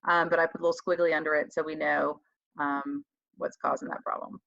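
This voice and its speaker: A woman's voice: sits low, level tone, a little fast, vocal fry, a bit bright, no echo. Chatty woman teaching over a muffled mic. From United States. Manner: chatty, self-deprecating, thinks aloud while writing. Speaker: reading tutor presenting a webinar. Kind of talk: casual teaching talk.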